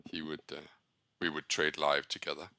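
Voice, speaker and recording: A deep-voiced man talks traders through his charts, rambling and blunt, often correcting himself mid-sentence. His voice is gravelly with a sharp, bright edge, and it sits close and dry with no room sound. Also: flat delivery, normal speed, no room sound. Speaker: trader keeping a trading journal. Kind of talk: casual talk while screen-sharing charts.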